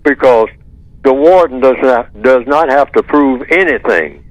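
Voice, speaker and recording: A man's voice: medium pitch, a little slow, no echo. A man speaking as a guest on a talk radio show, emphatic and repeating his points with rhetorical questions. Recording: dull lo-fi line, dry.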